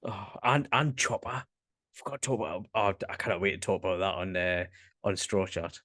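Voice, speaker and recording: A laid-back Northern English man co-hosting a casual podcast, with a low voice. He often hesitates and trails off, and his voice sounds close and dry. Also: steady tone, normal speed, fairly bright tone, no echo. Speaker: podcast co-host. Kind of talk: casual chat.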